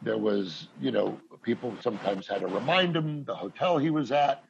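A man, a comedian guest, telling long anecdotes in a halting, rambling way with many restarts. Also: mid-range voice, gravelly, lo-fi sound, slight background noise. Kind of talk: casual storytelling.

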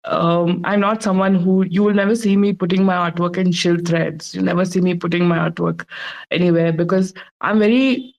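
Tearful woman artist with a gravelly, creaky voice. She speaks haltingly and emotionally in a casual live chat. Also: on the low side, fairly even intonation, a little mellow. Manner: emotional, halting, many fillers. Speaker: artist guest.

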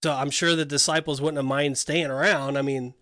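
High-voiced man discussing Scripture. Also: fairly quick. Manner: acts out what people say in lively asides. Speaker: podcast co-host. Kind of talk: casual Bible discussion.

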